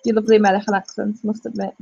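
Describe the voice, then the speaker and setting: A woman's voice: mid-range voice, level tone, very fast, creaky, warm tone, slightly rough, dull audio. A woman hosting a casual live-stream chat, thinking aloud and talking straight to her viewers.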